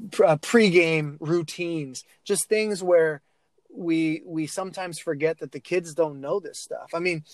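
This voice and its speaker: Male podcast guest, raised pitch, lively storyteller, dry close sound. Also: dry recording. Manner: animated storytelling with many restarts and fillers. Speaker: guest, athlete mental-skills speaker. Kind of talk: casual podcast interview.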